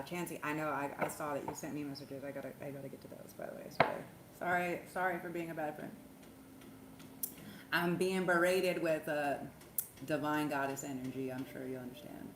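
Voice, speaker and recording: A woman talks loosely and animatedly on a livestream, swearing and laughing as she rambles. Her voice sits low, and the room around her rings with echo. A faint hum lingers underneath. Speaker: spiritual livestream host, tarot reader. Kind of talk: casual livestream chat. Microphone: phone.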